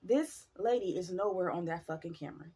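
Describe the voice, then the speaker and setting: Husky-voiced woman telling a spooky story. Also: fairly low pitch, normal speed. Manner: animated, talks to viewers, swears freely. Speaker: storyteller vlogger.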